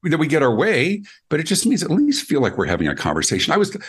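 A man's voice: huge pitch swings, quick pace, slightly rough. A middle-aged man, a guest speaker and consultant, telling stories in an interview and acting out quoted dialogue with his voice. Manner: acts out quoted dialogue with big pitch jumps. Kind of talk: animated storytelling interview.

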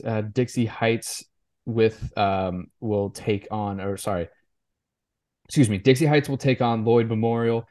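Halting, low-voiced sports podcast man. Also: a little mellow. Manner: halting, with many restarts and repeated words. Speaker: co-host of a high school sports podcast. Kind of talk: casual sports chat.

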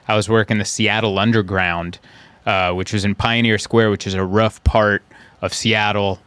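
A man, a stand-up comedian, telling stories in casual chat and now and then jumping into high voices for the people in them. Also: normal speed, smooth, no echo. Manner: animated, acts out characters in high voices. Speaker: stand-up comedian, podcast host.

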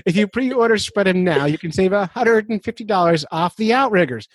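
A man hosting a podcast, chatting casually, laughing often and telling stories with animated energy. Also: high voice, fairly quick, dry recording. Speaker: podcast host.

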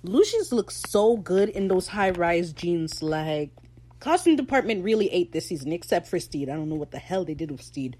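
Woman doing a casual show recap, slangy and opinionated, a bit low, laughs easily. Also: expressive, moderate pace, dark tone. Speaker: podcast host. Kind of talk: casual episode recap chat.

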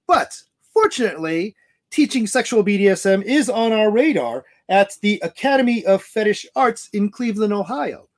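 A man's voice: high voice, big pitch swings, moderate pace. Joking male podcast co-host. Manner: joking, teasing. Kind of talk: casual podcast chat.

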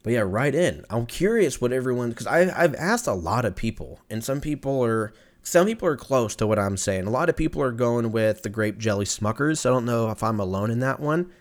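A young man hosts a podcast, ranting casually on his own with profanity, jokes and frequent laughter, animated throughout. His medium-pitched voice moves fairly quickly with few pauses.

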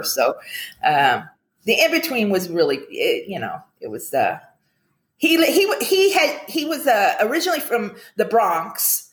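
An older woman chatting upbeat on a video call, telling stories with animated quotes. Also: mid-range voice, measured pace, roomy sound. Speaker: guest, commercial actress. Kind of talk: casual chat on a video call.

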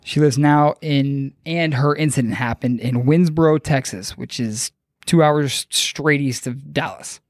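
A man's voice: mid-range voice, a little slow, dry recording, studio quality. A man hosting a podcast, retelling a story in loose, profane, joking chat. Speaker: podcast host.

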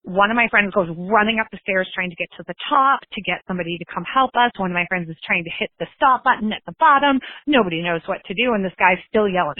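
A young adult woman calling in to tell a lively story, acting out the voices of the people in it. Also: medium pitch, fast, few pauses, no room sound. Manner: animated, acts out quoted voices. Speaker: caller leaving a voicemail. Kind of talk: casual storytelling. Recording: tinny phone line.

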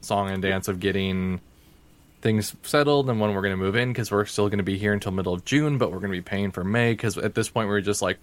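A man's voice: lowish voice, brisk. A man co-hosting a podcast, chatting casually and rambling, with lots of "like" fillers. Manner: rambling, heavy use of "like". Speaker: podcast co-host. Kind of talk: casual chat. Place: home, talking over Discord.

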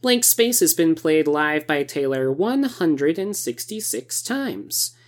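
A woman's voice: low-pitched, very animated, slow. A woman co-hosting a casual podcast, playful, reading facts and breaking into squealing cheers. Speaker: podcast co-host.

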